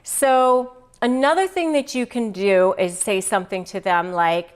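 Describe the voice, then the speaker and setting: A woman's voice: medium pitch, fairly even intonation, a little slow, few pauses. A middle-aged woman hosting an advice talk to camera, emphatic, repeating phrases and acting out sample lines. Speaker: host.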